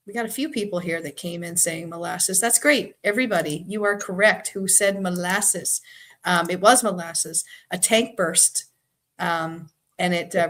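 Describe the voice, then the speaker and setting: A woman with a Boston accent, lowish in pitch and fairly bright, hosts a trivia live stream. She keeps the talk relaxed and chatty, reading comments from her viewers out loud.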